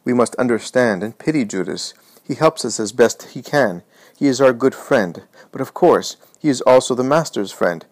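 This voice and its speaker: A man reading as a crafty priest who puts on a show of pity in a spoken storybook. His voice sits slightly high and sounds sugary. The sound is dry and close. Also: lively intonation, normal speed, dry recording. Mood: sly.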